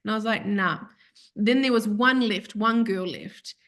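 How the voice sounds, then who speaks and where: A woman's voice: mid-range voice, unhurried. Chatty woman telling a story. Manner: chatty, animated, acts out quoted voices, laughs often. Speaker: guest. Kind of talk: casual storytelling.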